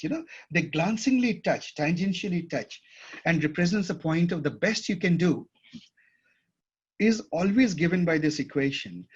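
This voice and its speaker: A man's voice: fairly high pitch, breathy edge. A man teaching a class at a whiteboard, thinking aloud and often checking that his students follow. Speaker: instructor. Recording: dull lo-fi classroom recording.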